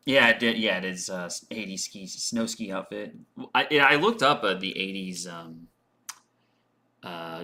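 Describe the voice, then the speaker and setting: A man's voice: low voice, sharp tone. A man teaching English on a casual livestream, thinking aloud as he answers chat questions with lots of fillers and repeated words.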